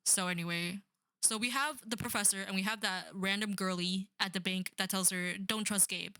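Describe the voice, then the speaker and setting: A woman's voice: mid-range voice, steady tone, a little fast, pushed and bright, clear, resonant tone, no echo, clean studio sound. A young woman rambling sarcastically through a book review, full of "like" and "um". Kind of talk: casual rant about a book.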